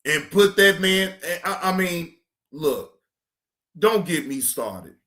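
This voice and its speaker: High, slow, bright-voiced male reactor. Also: expressive. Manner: exclamatory, profane, stammering restarts. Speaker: reaction show host. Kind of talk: casual reaction commentary.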